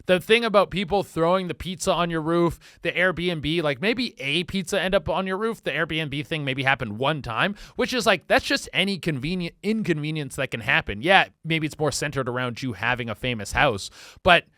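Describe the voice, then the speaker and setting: A man's voice: a little high, normal speed, no room sound. Guy ranting a funny story, swears a lot, voice bouncing all over, dry close sound. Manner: animated, profane, swings into loud outbursts. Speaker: comedian podcast host. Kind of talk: comedic storytelling rant.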